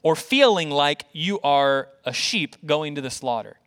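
Animated man preaching a sermon in a hall. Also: a little high, a little slow, smooth. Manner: conversational, animated preaching with rhetorical questions. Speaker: pastor.

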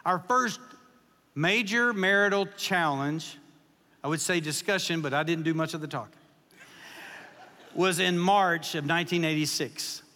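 A man's voice: a little high, a little slow, long pauses. A man, preaching as a guest speaker and telling folksy, joking stories to a congregation. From Kentucky. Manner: folksy, joking, animated storytelling. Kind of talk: humorous sermon storytelling. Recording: long echo of a large hall.

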